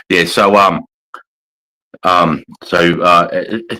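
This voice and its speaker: Sweary Australian man, low voice. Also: fairly even intonation, very slow, pushed and bright, a little hiss or hum, low-quality recording. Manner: sweary, rambling, blunt. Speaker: army veteran streamer. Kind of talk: casual livestream storytelling.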